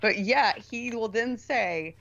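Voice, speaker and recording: A woman's voice: a little high, takes it slowly, creaky, fairly bright tone, muffled recording, slight background noise. A woman co-hosting a casual talk show, rambling and hedging as she explains. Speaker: co-host. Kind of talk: casual call-in chat.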